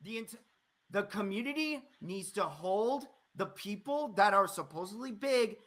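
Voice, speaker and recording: A man's voice: high-pitched, lively intonation, measured pace, a bit bright. Furious, cursing male streamer. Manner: angry, profane, repeating himself. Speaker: streamer confronting a critic. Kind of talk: heated live-stream rant.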